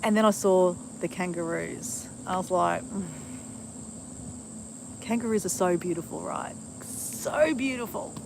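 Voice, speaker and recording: A woman's voice: fairly low pitch, a little slow, creaky, background noise. A middle-aged woman talking casually to a live stream on her phone outdoors, rambling and adding "right?" often. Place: outdoors at a bushland cemetery.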